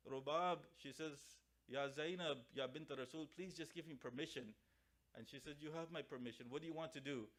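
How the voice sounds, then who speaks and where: Male cleric, somewhat high voice, grieving sermon storytelling in a mosque. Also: brisk, a bit bright. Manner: emotional storytelling, rising to lament. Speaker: cleric giving a memorial sermon.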